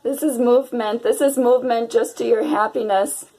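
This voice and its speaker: A woman's voice: on the high side, steady tone, normal speed, mellow, rough recording. A woman giving a casual tarot reading to her viewers, dreamy and exclamatory. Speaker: tarot reader.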